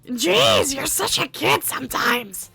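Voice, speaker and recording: A woman voicing a brash, bossy teenage schoolgirl who snaps and shouts. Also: sits high, very animated, takes it slowly, gravelly, soft background music, heavily acted. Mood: bratty. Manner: snappy, shouty.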